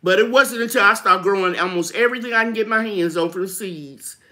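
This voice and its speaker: A chatty middle-aged woman with a drawl hosts a live gardening chat. Her voice is bright and forward, and she laughs often. She stretches out words when she wants to stress them. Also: medium pitch, fairly quick. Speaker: gardening channel host. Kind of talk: live chat reading viewer comments.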